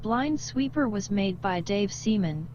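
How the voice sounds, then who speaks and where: A woman's synthetic voice reading game menu instructions in a flat manner. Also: medium pitch, a little slow, dull audio, noisy background, lightly acted.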